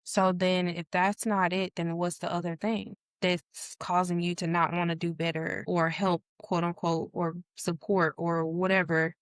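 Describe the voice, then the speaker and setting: A young adult woman talking casually on a podcast panel, telling stories in an animated way with lots of fillers. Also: lowish voice, measured pace, hardly any pauses, dry recording, clean studio sound. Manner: chatty, many fillers, animated storytelling.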